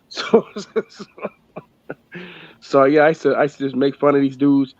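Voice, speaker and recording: A man's voice: mid-range voice, level tone, a little slow, a little mellow, no echo. A man co-hosting a casual podcast, telling boastful, profane stories about arguing with fans online. The sound is dull and dry. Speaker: podcast co-host. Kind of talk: casual chat.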